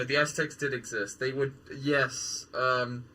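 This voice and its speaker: A young man streaming a game, rambling, excitable and joking, with casual swearing. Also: medium pitch, measured pace, hardly any pauses, a little hiss or hum. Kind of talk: casual chat while gaming.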